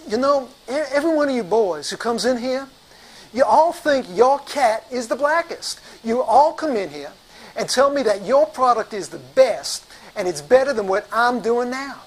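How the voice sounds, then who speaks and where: A man playing an irritated, imposing male doctor who lectures slowly and sternly. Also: very high-pitched, animated, voice pushed up, rough recording. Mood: dismissive.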